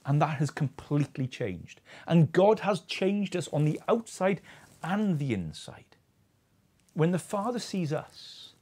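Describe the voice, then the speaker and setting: A man's voice: a little high, a little mellow. A man preaching a sermon in an earnest way, asking his listeners questions.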